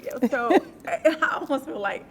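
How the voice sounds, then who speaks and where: A woman's voice: high voice, normal speed, slight background noise. A middle-aged woman from Atlanta, a guest on a talk show, telling stories with frequent laughter. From Atlanta, USA. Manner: animated storytelling, laughs often. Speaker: guest, TV and radio personality. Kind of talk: casual interview chat.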